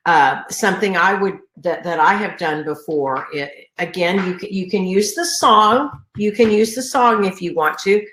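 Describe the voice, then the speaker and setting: A woman's voice: lowish voice, moderate pace, few pauses, a bit bright, slight background noise. A middle-aged woman, congested from a sinus infection, giving an earnest conference talk on teaching choir, full of fillers and restarts. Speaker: choral music educator. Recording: echoey room recording.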